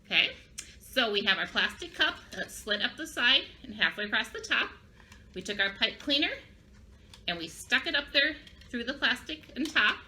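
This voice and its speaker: A young woman with a very bright, ringing voice pitched a little high teaches children in a cheerful sing-song. She keeps asking her young audience to repeat after her, over a faint hiss of background noise. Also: lively intonation, normal speed. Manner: upbeat, sing-song, calls on kids to repeat. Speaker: children's library presenter. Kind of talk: children's craft and vocabulary lesson.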